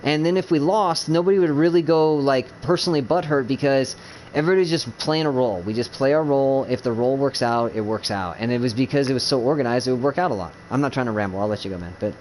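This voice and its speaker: A man's voice: mid-range voice, fast, darkish tone, slight background noise. A man chatting casually about his gaming team, rambling with many fillers, restarts and swearing. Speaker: gamer streamer.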